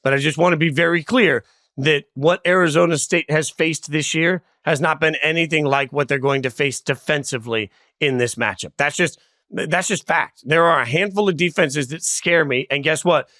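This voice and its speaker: A man's voice: a little high, moderate pace, sharp tone, no room sound, studio quality. A man co-hosting a sports show, debating emphatically and repeating phrases as he makes his points.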